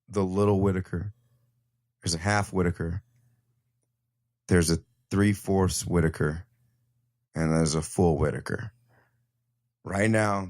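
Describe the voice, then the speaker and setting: A man's voice: sits low, no echo, studio quality. A man hosting a casual comedy podcast, rambling and cursing with hyped-up energy. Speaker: podcast host.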